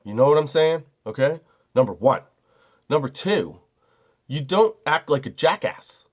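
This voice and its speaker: A man's voice: a little high, very animated, unhurried. A middle-aged man hosting a comedy podcast, telling a heated, profane story as a single dad. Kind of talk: storytelling monologue.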